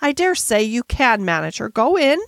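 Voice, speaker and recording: A woman's voice: on the high side, sing-song, normal speed, no room sound, studio quality. A woman reading aloud, voicing a stern, cross middle-aged schoolmistress with a clipped, forced approving tone.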